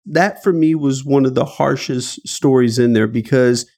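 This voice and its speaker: Gravelly yet mellow and a little slow, the middle-aged man from Dayton, Ohio, speaks as an interview guest about an emotional personal experience. This guest author sounds earnest, his pitch lifting at moments of pain.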